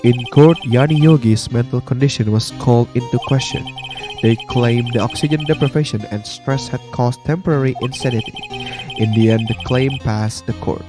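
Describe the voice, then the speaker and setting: A man reading as a brooding young male prosecutor in a video game, in an earnest, measured way, over game music. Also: mid-range voice, natural voice. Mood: grave.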